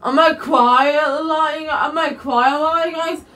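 High bright young woman vlogging. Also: fairly even intonation, moderate pace, distant mic. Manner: rambling, repeats "you guys" constantly. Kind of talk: casual chat to camera. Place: her bedroom.

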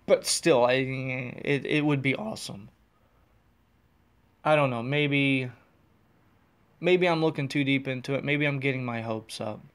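A man hosting his own casual podcast, rambling and self-deprecating, talking with excitable energy, recorded while in his car. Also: medium pitch, a little slow, pauses often, clear, resonant tone. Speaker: podcast host. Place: in a car on the road.

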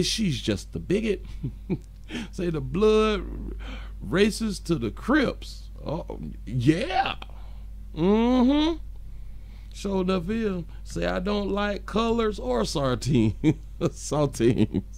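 Male live-stream host, high and raspy, joking, chuckles between reading comments. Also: darkish tone. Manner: chuckles often, loose and joking. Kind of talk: casual live-stream chat, reading viewer comments aloud.

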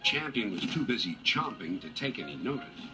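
A man reading a children's railway story aloud in an unhurried, expressive storybook manner. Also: fairly low pitch. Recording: music bed under narration.

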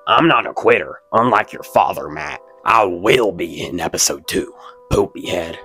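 A man's voice: lowish voice, sing-song, normal speed, vocal fry, sharp tone, husky, faint music behind. A man hosting his own channel, reading hate comments aloud and ranting back at them in a boastful, mocking and profane way.

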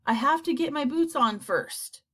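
A woman doing a shrill, bossy male centipede. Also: lively intonation, unhurried. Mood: fussy. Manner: shouting, vain and fussy.

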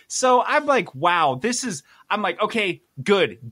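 A man on a podcast telling a story casually, animated and exasperated, swearing freely. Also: a little high, moderate pace, hardly any pauses, no room sound, studio quality. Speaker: podcast host.

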